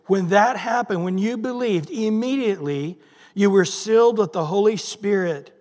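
A middle-aged man preaches a sermon in a notably high voice. He is emphatic and keeps drawing in his congregation with questions. His words ring out with a long reverb from a large hall. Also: moderate pace, a little mellow. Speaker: pastor.

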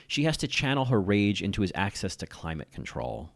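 Low, lively-voiced man, TV critic reading a scripted essay, analytical. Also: a little fast, hardly any pauses. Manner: analytical, admiring. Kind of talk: scripted video-essay narration.

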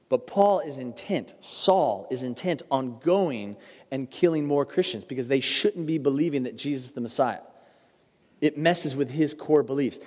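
A middle-aged male pastor giving a sermon, telling stories earnestly and slowing down for emphasis. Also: fairly high pitch, a little mellow. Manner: earnest storytelling preacher, shifts pace for emphasis. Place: church sanctuary. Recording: long hall reverb.

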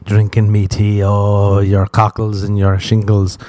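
Rambling crude podcast host, low voice. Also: male voice, completely flat delivery, measured pace, dark tone, no room sound. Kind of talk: solo rambling comedy podcast.

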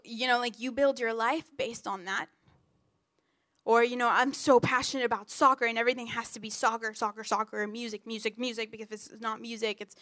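Young woman preaching casually, slightly high voice, rambly storyteller with lots of "like"s, dry close sound. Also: fairly bright tone, no echo. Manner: chatty storytelling with many fillers; playful and self-joking. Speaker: youth speaker. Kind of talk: casual sermon.

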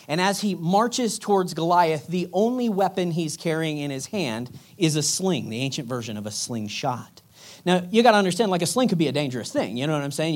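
A man preaching in a lively storytelling way, energetic and slangy. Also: on the high side.

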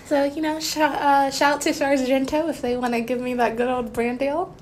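A woman's voice: high voice, little pitch movement, normal speed, crowd noise. A woman co-hosting a podcast in casual chat, teasing and chatty, with lots of fillers. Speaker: podcast co-host.

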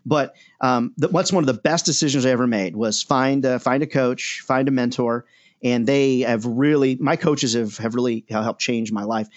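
A man's voice: medium pitch, normal speed, highs cut off. A man hosting a sales podcast, upbeat and chatty, with lots of "uh" fillers. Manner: enthusiastic, chatty, many "uh" fillers. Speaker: podcast host and sales coach. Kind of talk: casual podcast talk.

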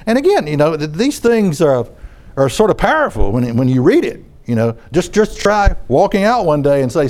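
A man's voice: on the high side, big pitch swings, a little fast, darkish tone. A man preaching a sermon in front of a congregation, talking in a conversational way and often repeating his phrases.

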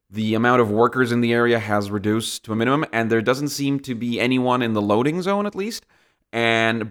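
A man as game master narrating a tabletop game, halting with lots of restarts. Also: medium pitch, a bit bright, clean tone. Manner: halting, many restarts and fillers.

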